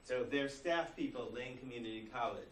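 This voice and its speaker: A man's voice: medium pitch, brisk, a bit bright, slight background noise. A man teaching a college class in a conversational way, full of rhetorical questions. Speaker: college instructor. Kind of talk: classroom lecture. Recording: roomy classroom recording from a distance.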